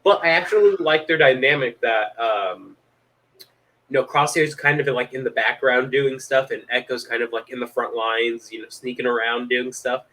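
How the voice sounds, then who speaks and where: A man's voice: mid-range voice, normal speed, low-quality recording. Rambling young-sounding man, casual chat. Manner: rambling, filler-heavy, excitable. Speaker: podcast co-host. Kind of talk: casual fan podcast chat.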